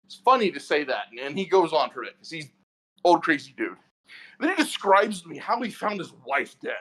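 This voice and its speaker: A man's voice: fairly high pitch, brisk. A man casually telling a long story about his day at work, stammering now and then as he co-hosts a podcast. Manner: animated storytelling, stammers at starts. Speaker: podcast co-host.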